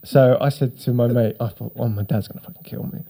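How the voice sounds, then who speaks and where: A middle-aged man with a husky voice, telling a long, sweary story on a casual chat podcast. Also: mid-range voice, fairly even intonation, fairly quick, warm tone. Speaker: podcast co-host.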